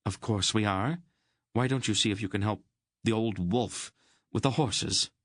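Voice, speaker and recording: A man voicing a stern, sharp-tongued woman who snaps and scolds. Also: mid-range voice, lively intonation, moderate pace, dry recording, clean studio sound, pitched above the performer's own voice, lightly acted. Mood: scolding. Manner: snappish, acid, scolding.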